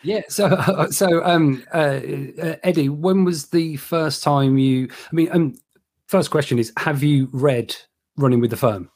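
A man's voice: fairly high pitch, a little slow, darkish tone. A man hosting a casual podcast, asking questions hesitantly with many restarts. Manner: hesitant, full of fillers and restarts. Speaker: podcast host.

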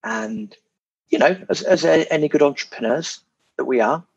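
This podcast guest's voice is fairly high, creaky and a bit rough, expressive and at a moderate pace. He talks about property in a casual, animated interview, swearing sometimes and repeating his words. The sound is dull and lo-fi.

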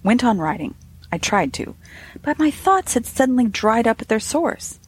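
A woman narrating a classic ghost story in a lively, expressive reading with soft asides. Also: a little high, normal speed, husky.

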